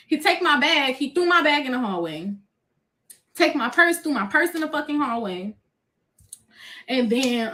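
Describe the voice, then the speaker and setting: A young woman telling a chaotic personal story to viewers, cursing freely and acting out what was said. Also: sits high. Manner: profane, animated retelling, acting out quotes.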